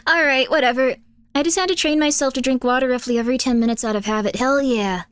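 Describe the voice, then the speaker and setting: A woman's voice: high-pitched, steady tone, fast talker, a bit bright, clear, resonant tone, no room sound. A woman streamer chatting casually with her audience, rambling through fillers and laughing often. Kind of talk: casual chat, reacting to chat and videos.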